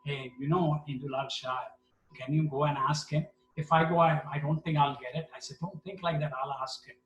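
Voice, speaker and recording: A man, telling stories at a devotional gathering and acting out the quotes in lively voices. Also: fairly high pitch, a little fast, highs cut off. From India. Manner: animated, acts out quotes with voices. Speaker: satsang speaker. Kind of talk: storytelling talk. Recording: echoey room, from a distance.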